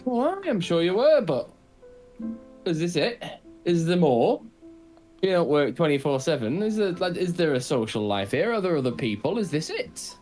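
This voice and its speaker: A man's voice: on the high side, very animated, normal speed, darkish tone, soft background music, pitched above the performer's own voice. A man voicing an eager, nosy young male dwarf with a Scottish accent, chatty and pushy, firing off question after question in improvised tabletop role-play. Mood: eager, prying.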